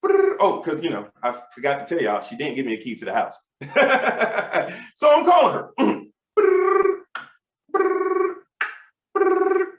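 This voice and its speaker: A man in his thirties doing a stand-up routine, telling stories in an animated, profane, swaggering way. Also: mid-range voice, normal speed. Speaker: stand-up comedian. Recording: roomy, dull sound.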